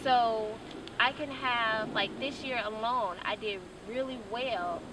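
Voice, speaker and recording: Fairly high-pitched and slow, a young interview guest answers earnestly and candidly, using casual fillers and restarting her sentences. The recording is noisy and distant.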